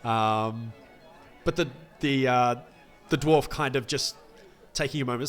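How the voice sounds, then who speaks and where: A man's voice: medium pitch, unhurried, pauses often, faint music behind. Man narrating as game master.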